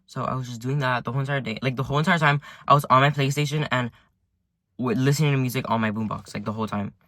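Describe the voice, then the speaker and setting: A teen vlogger in his parked car at home rambles through a storytime for viewers, using "like" heavily and swearing often. His mid-range male voice is bright and forceful, with fairly even intonation and a quick pace. No room sound comes through.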